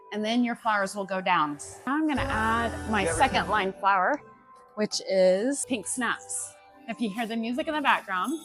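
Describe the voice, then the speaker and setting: A woman's voice: medium pitch, a bit bright. A middle-aged woman florist gives a friendly, chatty hands-on tutorial, explaining each step as she works. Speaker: florist demonstrating a flower arrangement. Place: indoors at home, music playing in another room.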